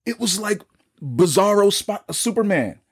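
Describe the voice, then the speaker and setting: A man's voice: sits high, big pitch swings, a little slow, breathy edge. A man with a New York accent telling his own story in a casual podcast conversation, acting out the dialogue and repeating words as he goes.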